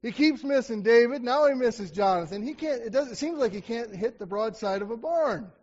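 A high-voiced man preaches in a relaxed, conversational way, breaking off to act out quotes with growing force. The recording is dull and lo-fi. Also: brisk. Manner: conversational, acts out quotes with rising emphasis. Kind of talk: sermon with scripture reading.

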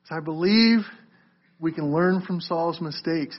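Heard through a muffled lo-fi recording, a man with a fairly high pitch preaches a little slowly. He's an earnest pastor who addresses listeners as "folks" and repeats words each time he restarts.

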